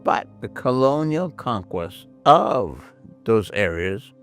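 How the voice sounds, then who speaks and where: A man's voice: fairly low pitch, very animated, takes it slowly, faint music behind. A man hosting a Bible history talk, telling stories emphatically and acting out the voices of the people he quotes. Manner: emphatic storyteller who acts out quoted voices. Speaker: host.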